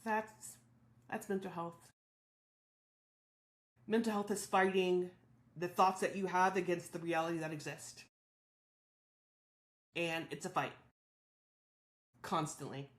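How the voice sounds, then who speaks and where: A woman's voice: lowish voice, steady tone, takes it slowly, long pauses, reverberant. A woman hosting a solo podcast, talking candidly and reflectively about her own thoughts and feelings. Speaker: podcast host.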